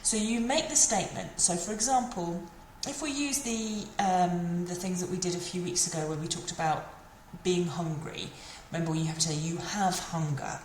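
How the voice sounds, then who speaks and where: Woman, mid-pitched teacher, patient and repetitive explainer, roomy recording with light background ambience. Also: normal speed, darkish tone, a little hiss or hum. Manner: patient, repeats and models French phrases. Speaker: French teacher. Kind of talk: explanatory language lesson. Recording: echoey room, faint ambience.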